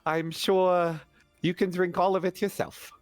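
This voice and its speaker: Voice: medium pitch, level tone, measured pace, dry recording, faint music behind, close to an everyday voice. A tabletop player voicing a curmudgeonly, wrinkled creature of the night who fawns, mutters and wheedles. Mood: mock-polite. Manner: muttering, fawning, theatrical.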